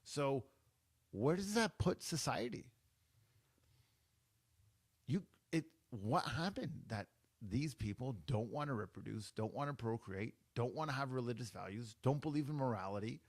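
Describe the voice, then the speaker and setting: A man's voice: mid-range voice, animated, unhurried, no room sound. Emphatic man in his forties, dry sound. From Canada. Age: 40s. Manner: emphatic, repeats points, addresses listeners directly. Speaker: podcast host. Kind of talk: opinionated monologue.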